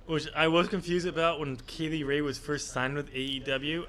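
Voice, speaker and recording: A man's voice: on the high side, little pitch movement, normal speed, fairly bright tone. A man co-hosting a casual wrestling predictions podcast, talking in a hesitant way with many fillers. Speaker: podcast co-host.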